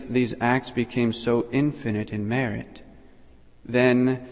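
A man preaching a sermon in a measured, reflective way, pausing between short phrases. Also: medium pitch, darkish tone. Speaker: priest. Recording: long reverb in a large hall.

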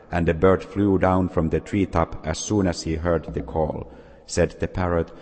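Storyteller, man, very low husky voice, measured folk-tale reading, long reverb. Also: steady tone, darkish tone. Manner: slow, measured reading with small slips.

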